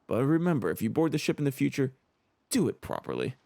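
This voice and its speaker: A gravelly, no-nonsense sailor from a fantasy game voiced by a man reading the lines, brusque and matter-of-fact. He hands out reprimands briskly while keeping the pitch moving. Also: big pitch swings, a little mellow. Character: gruff male ship's crewman, stern but forgiving.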